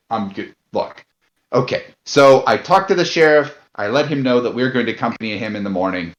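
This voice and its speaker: A man playing a tabletop role-playing game, speaking in character in a halting, indignant way with many fillers. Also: medium pitch, reverberant, lo-fi sound.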